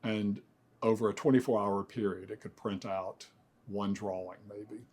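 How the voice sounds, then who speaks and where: Reflective older man, low mellow voice. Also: steady tone, moderate pace, breathy edge. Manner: rambling, reflective, many fillers and self-corrections. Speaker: architect. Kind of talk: oral history interview.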